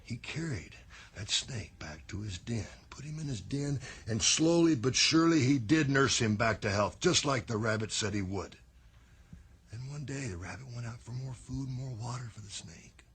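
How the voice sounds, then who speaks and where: Older man, bright husky dramatic storyteller. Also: medium pitch, animated, normal speed. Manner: drawling, dramatic storyteller dropping to whispers. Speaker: podcast host, former wrestler. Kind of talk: storytelling wrestling promo. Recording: archive promo clip.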